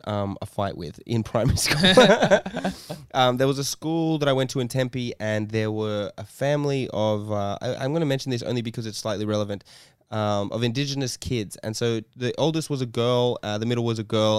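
A man's voice: fairly low pitch, clear, resonant tone, dry recording, studio quality. Rambling man telling a story. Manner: rambling, laughs a lot, many fillers. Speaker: podcast co-host. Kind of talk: casual storytelling chat.

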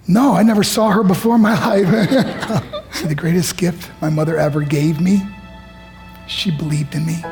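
A man's voice: high voice, darkish tone. A man telling a personal story as a motivational speaker to teenagers, his voice rising with emotion.

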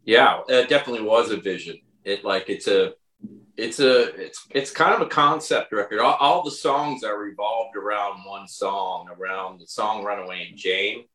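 A male musician on a video call, talking in a relaxed, halting way in a casual interview. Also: fairly low pitch, echoey room, low-quality recording. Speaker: guest musician.

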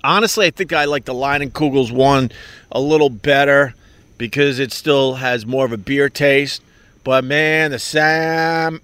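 A male podcast host rambles through a solo monologue with a profane, self-mocking edge. His pitch sits in the middle, and the sound is close and very dry. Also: steady tone, unhurried, fairly bright tone, clean tone, no echo.

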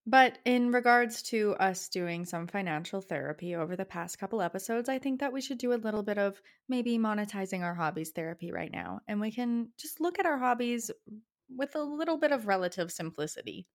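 A young Canadian woman with a Canadian accent, hosting a casual solo podcast, talking passionately and chattily with a pitch that rises at the ends of phrases. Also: animated, a little fast. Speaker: podcast host.

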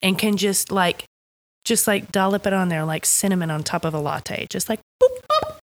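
A woman in her thirties or older co-hosting a casual podcast, animated and laughing, with playful sound effects. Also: mid-range voice, moderate pace. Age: over 32. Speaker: podcast co-host. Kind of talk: casual chat recapping a TV show.

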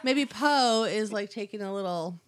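A woman's voice: medium pitch, expressive, moderate pace, a little hiss or hum. A woman chatting casually as a podcast co-host. She jokes and acts out lines from scenes. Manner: jokey, acts out quotes from scenes. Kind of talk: casual chat.

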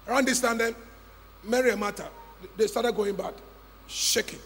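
Pastor, high gravelly voice, dramatic sermon storytelling in an echoey church hall. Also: male voice, animated, normal speed, pauses often. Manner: dramatic storytelling, swinging from hushed to shouting.

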